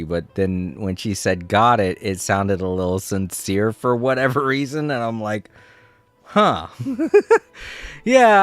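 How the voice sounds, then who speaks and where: A man's voice: on the low side, smooth, no echo. A man streaming a video game, giving casual, rambling commentary and laughing often.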